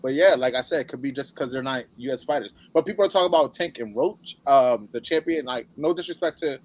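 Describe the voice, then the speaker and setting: A man co-hosting a boxing podcast in casual chat, animated and slangy, getting loud as he argues. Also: medium pitch, fast talker. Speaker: podcast co-host.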